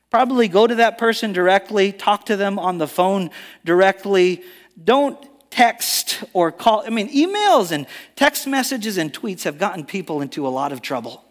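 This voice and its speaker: A male pastor preaching a sermon in a church, earnest and emphatic, often restarting his words. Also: a little high. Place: church sanctuary. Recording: long reverb of a large church hall.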